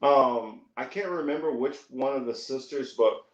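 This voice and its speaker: A man's voice: medium pitch, normal speed. A man talking as a podcast guest in casual chat, hesitant and earnest. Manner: hesitant, many fillers and restarts, earnest. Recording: echoey, dull lo-fi audio.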